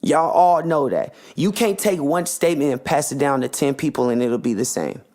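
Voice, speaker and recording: A man's voice: on the high side, moderate pace, darkish tone. A man hosting a podcast, ranting in a passionate, profane, slangy monologue. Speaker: podcast host.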